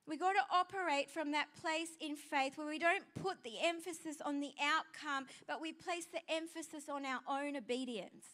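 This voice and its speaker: A woman's voice: extremely high pitch, pushed and bright. A woman pastor preaching a sermon to a congregation, emphatic and repeating her key phrases. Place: church service with a live congregation.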